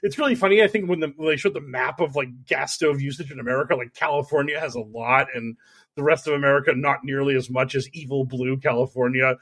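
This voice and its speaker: A man's voice: mid-range voice, quick pace, fairly bright tone, no room sound. A man co-hosting a casual podcast chat, rambling through stories with lots of fillers. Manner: rambling, loose storytelling with many fillers. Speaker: podcast co-host.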